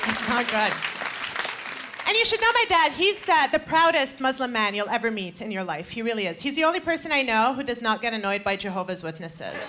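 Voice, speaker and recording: A woman in her twenties does stand-up in a high, bouncy voice that swings all over the place. She works the room with punchy, playful energy. Her stage mic sits under a loud crowd and heavy room noise. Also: expressive, a little fast. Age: 20s. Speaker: stand-up comedian. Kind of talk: stand-up comedy. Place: comedy stage before a live audience.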